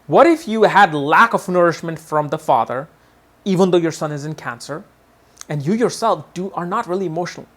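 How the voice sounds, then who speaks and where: A man teaching an astrology lesson in a lively way, often acting out what people say and repeating his words. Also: on the high side, fairly quick. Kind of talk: video lesson.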